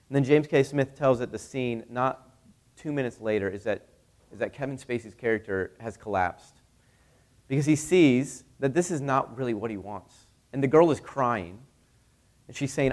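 A man's voice: medium pitch, normal speed. Conversational male pastor preaching. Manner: conversational preaching, rhetorical questions. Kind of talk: sermon.

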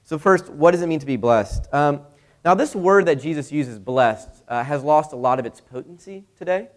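A man's voice: a little high, lively intonation, normal speed. A young male pastor giving a sermon in a conversational way, with many rhetorical questions.

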